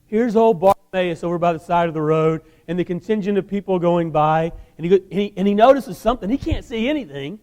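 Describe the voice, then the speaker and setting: A man preaching a sermon, telling the story in an animated way with casual asides. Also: sits high, quick pace, few pauses, big-room sound. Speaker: guest preacher.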